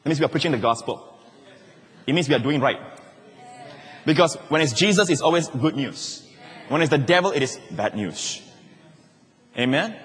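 Lively pastor preaching in a hall. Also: male voice, fairly high pitch, moderate pace, pauses often. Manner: lively, jokey preaching with sudden shouted quotes. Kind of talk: sermon.

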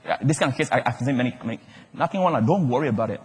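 A man with a Singaporean English accent preaching a sermon, animated and joking, often acting out other people's voices. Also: medium pitch, racing, slight background noise. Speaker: pastor. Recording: echoey hall with long reverb.

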